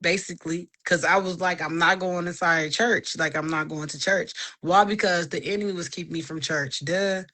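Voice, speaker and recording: A woman in her thirties telling a personal faith story in casual talk, animated and acting out the voices of people she quotes. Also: lowish voice, normal speed, few pauses. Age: 30s.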